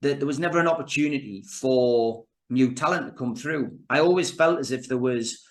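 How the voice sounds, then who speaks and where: A middle-aged man chats as a podcast guest, spinning stories with lots of stops and restarts. His voice sits at a middle pitch for a man. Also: normal speed. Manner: animated storyteller with many restarts and fillers. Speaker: guest, actor and filmmaker. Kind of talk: casual interview chat.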